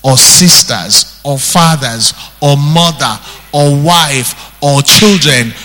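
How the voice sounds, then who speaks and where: A male pastor with a Nigerian accent, preaching an animated sermon that acts out the scriptures he quotes. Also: on the high side, slow pace. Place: church hall. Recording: breathy voice in long hall reverb.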